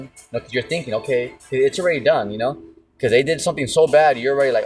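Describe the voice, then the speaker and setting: A man teaching the Bible in a casual, slangy way, peppering his talk with "see?" and "you know?" and slowing right down to read verses aloud. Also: mid-range voice, darkish tone. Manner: slow, drawn-out emphasis when reading scripture verses. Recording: mic at a distance with faint music behind.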